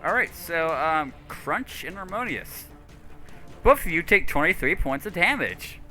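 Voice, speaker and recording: A man running a tabletop game as game master, with a very bright voice and a lot of swing in his pitch. He calls out saves and damage and laughs easily, with game music playing faintly behind. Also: sing-song, a little slow.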